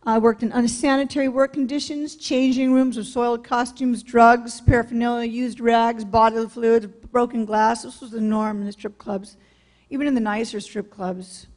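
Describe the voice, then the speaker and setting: A woman's voice: a little high, fairly even intonation, moderate pace, a little mellow. A woman from California giving a public talk in a blunt, candid storytelling manner. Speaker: speaker sharing her testimony. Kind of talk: public talk, personal testimony.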